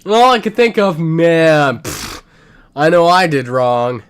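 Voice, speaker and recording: A young man telling a comedic story, swinging between loud outbursts and muttered asides. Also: on the high side, big pitch swings, slow pace, smooth.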